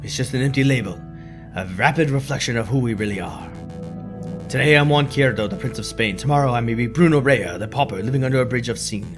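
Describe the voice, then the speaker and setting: A man voicing a smooth, scheming male bird prisoner who poses as a prince, theatrical with a put-on foreign lilt. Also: mid-range voice, fast, over music, natural voice. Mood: storytelling.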